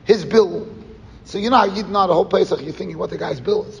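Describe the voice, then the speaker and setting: A rabbi delivers an animated yeshiva-style lecture, his fairly high voice full of stories and Yiddish and Hebrew terms woven into English. The room around him rings with a long, hall-like reverb, as in a big camp hall. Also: quick pace, gravelly, slight background noise. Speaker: rabbi giving a Torah class.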